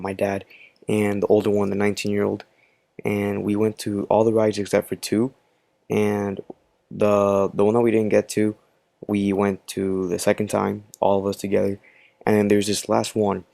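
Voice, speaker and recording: A man with a low, gravelly voice tells a story in loose, rambling commentary, full of fillers. His delivery stays fairly flat, and the sound is dry and close. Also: dry recording. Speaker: channel host.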